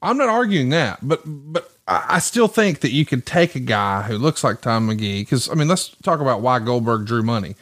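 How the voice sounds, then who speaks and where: A man hosts a casual podcast, chatty and easygoing, often breaking into laughter as he tells a story. His voice sits at a plain, middle pitch. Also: very animated, normal speed, few pauses, a bit bright. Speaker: podcast host.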